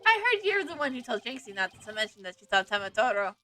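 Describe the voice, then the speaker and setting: A woman's voice: fairly high pitch, big pitch swings, quick pace, pushed and bright, faint music behind. A woman voicing an earnest young male defense lawyer who asks direct questions. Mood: firm.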